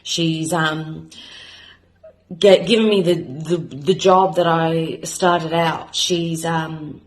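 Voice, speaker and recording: A woman in her thirties with an Australian accent, speaking in a rather low voice. She introduces herself to camera as a new beauty vlogger in a rambling, halting way, full of fillers and restarts. She sounds emotional, close to tears. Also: fairly even intonation, rough recording. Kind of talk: casual heartfelt self-introduction to camera.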